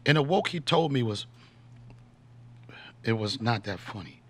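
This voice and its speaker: A man's voice: mid-range voice, lively intonation, unhurried, long pauses. A man in his fifties hosting a podcast, telling loose, slangy, joking stories in a casual chat. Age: 50s. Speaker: podcast host and comedian.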